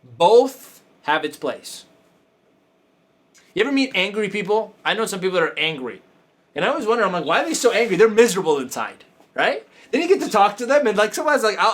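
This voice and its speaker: High, lively-voiced coaching show host. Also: male voice, brisk. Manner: emphatic, repetitive, profane, laughing asides. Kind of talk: casual motivational talk.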